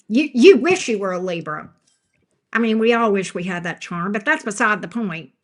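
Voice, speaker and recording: A woman's voice: medium pitch, expressive, a little slow. A woman doing a live tarot reading who talks back to chat with sass, scolding troublemakers and laughing often. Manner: sassy, scolding chat trolls, laughs a lot. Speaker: tarot reader.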